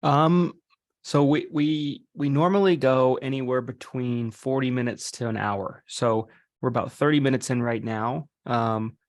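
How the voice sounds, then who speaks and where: A man's voice: medium pitch, a little slow, dry recording. Male host, mid-range voice, dry recording, easygoing. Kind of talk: casual interview chat.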